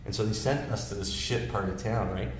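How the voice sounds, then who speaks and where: A man in his thirties, a political strategist, telling campaign stories in casual, animated talk with many restarts. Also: fairly low pitch, fairly quick. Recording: echoey room with faint noise.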